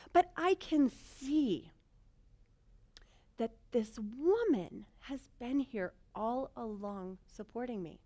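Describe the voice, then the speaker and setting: A woman telling a personal story in a talk, animated and self-mocking, swinging between hushed lines and loud bursts. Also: fairly high pitch, slow pace. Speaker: speaker.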